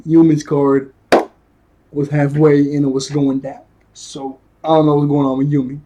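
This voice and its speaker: A man's voice: fairly high pitch, little pitch movement, moderate pace, dark tone, dull audio, slight background noise. A young man casually recapping a cartoon episode in a rambling, slangy way, often laughing and correcting himself. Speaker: episode reviewer.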